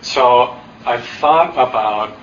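A middle-aged man giving an earnest, self-deprecating public talk, with halting restarts. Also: medium pitch, a bit bright, echoey room, a little hiss or hum. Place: hall with an audience. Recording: distant, dull lo-fi talk recording.

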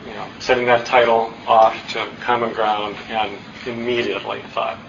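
A middle-aged man giving an earnest, self-deprecating public talk, with halting restarts. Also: fairly low pitch, flat delivery, gravelly, fairly bright tone, reverberant, a little hiss or hum. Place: hall with an audience. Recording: distant, dull lo-fi talk recording.

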